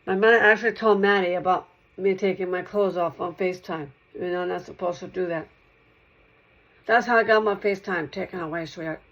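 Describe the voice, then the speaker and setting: A woman's voice: on the low side, fairly even intonation, brisk, fairly bright tone, lo-fi sound. A woman talking straight to one listener in a rambling monologue, repeating herself and circling back over the same points.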